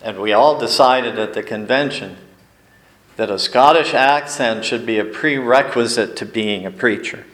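A male pastor giving a sermon, telling folksy stories with deliberate pauses. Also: mid-range voice, a bit bright, roomy sound, poor audio. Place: church sanctuary.

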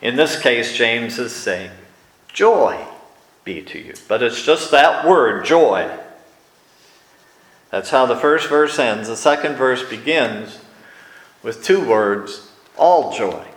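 A man preaching a sermon, teaching in a slow and deliberate way with emphatic pauses. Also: medium pitch, lively intonation, fairly bright tone, roomy sound, rough recording.

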